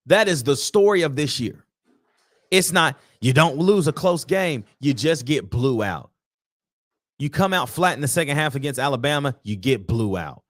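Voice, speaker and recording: A man hosts a sports talk stream and rants with frustration and emphasis. His pitch swings widely up and down as he talks. The sound is dry and close. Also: moderate pace, dry recording. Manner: frustrated, emphatic, animated ranting. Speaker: sports talk show host. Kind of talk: casual sports talk livestream.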